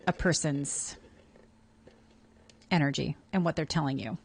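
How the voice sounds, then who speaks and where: A woman's voice: deep voice, unhurried, gravelly, slightly rough. A woman co-hosting a radio show in a studio, chatting casually and laughing easily. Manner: easygoing, laughs often. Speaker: radio co-host.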